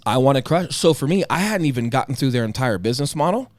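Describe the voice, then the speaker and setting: A man in his thirties talks fast and bluntly on a podcast, swearing freely and acting out the people in his story. His voice is dry and close, with no room sound around it. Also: medium pitch, expressive, no echo. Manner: blunt, profane storytelling with reenacted dialogue. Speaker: podcast co-host. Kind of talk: casual chat.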